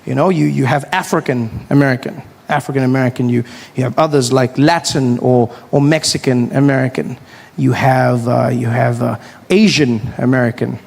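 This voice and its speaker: A man's voice: mid-range voice, fairly even intonation, normal speed, gravelly, a little mellow, big-room sound. A man doing stand-up comedy, telling stories conversationally with stammering restarts.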